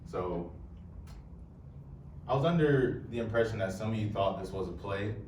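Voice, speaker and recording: Deep-voiced young man talking to a live crowd. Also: lively intonation, normal speed, a little mellow, slight background noise. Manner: casual, joking, addresses the crowd. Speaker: poet and presenter. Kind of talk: live talk to an audience. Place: room with a live audience. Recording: echoey room, voice heard from far off.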